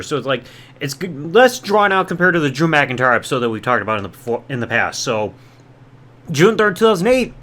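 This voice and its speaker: A man hosts a podcast and tells a story in a chatty, casual way, full of quick asides. His voice sits high and swings in a wide, animated range. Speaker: podcast host. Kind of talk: casual recap of old wrestling storylines.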